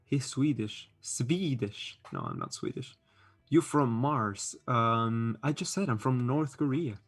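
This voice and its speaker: A man's voice: medium pitch, very animated, unhurried, gravelly. A man hosting a live stream, reading chat aloud and chatting casually; English is not his first language, and he talks with many fillers and restarts. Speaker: livestream host reading chat.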